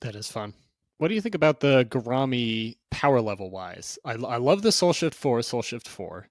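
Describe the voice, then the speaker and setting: A man's voice: medium pitch, very animated, normal speed, no room sound, clean studio sound. A man co-hosting a casual card game review podcast, speaking hesitantly and hedging his opinions. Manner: hesitant, hedging, laughs often. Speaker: podcast co-host.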